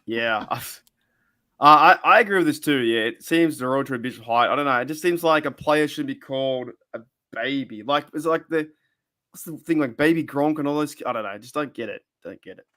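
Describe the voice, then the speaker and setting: A man's voice: mid-range voice, a little fast, pushed and bright. A man hosting a casual sports podcast, rambling and often repeating his words. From Australia. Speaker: podcast host.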